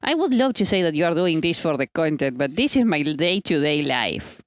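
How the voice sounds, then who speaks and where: A woman's voice: sits low, animated, normal speed, no room sound, highs cut off. A woman streamer chatting casually while she bakes, playful and teasing with exasperated asides.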